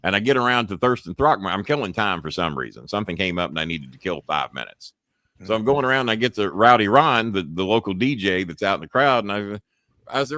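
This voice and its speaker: A man hosting a show, telling a profane, animated story and acting out the yelling voices. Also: on the low side, fast talker, no echo, studio quality. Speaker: host. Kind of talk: casual storytelling chat.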